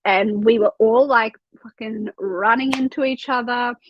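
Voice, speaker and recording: A woman's voice: on the high side, fairly even intonation, a little slow, no echo, lo-fi sound. A young woman hosting a casual reading livestream from home, chatting loosely, swearing freely and reading out chat comments. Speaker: livestream host of a reading sprint.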